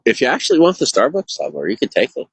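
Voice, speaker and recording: His pitch swooping wildly around a medium register, this livestreamer talks fast in a slightly rough voice while broadcasting alone. He's distressed and nearly in tears, rambling with lots of filler words and self-interruptions. No echo, but low-quality recording.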